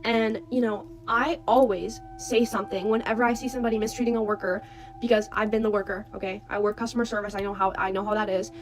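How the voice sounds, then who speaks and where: Fast-talking young woman telling a story. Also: mid-range voice, steady tone, low-quality recording. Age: young adult. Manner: urgent, chatty, keeps asking "okay?". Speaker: storyteller in a clip; university student. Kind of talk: casual storytime monologue.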